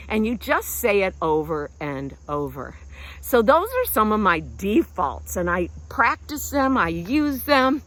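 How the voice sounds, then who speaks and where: A middle-aged woman, a vlog host and self-help speaker, chats casually and encouragingly while walking around a lake, somewhat winded from the hike. She is very animated, with her pitch rising and falling freely, and speaks a little slowly in a fairly bright tone. Faint crickets chirp behind her.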